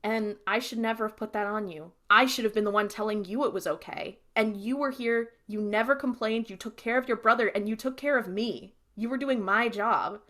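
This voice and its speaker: A woman's voice: a little high, brisk, hardly any pauses, fairly bright tone, natural voice. A woman on a podcast retelling a remorseful dying father's apology in close to her own voice. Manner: earnest quoted retelling. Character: remorseful dying father, middle-aged man.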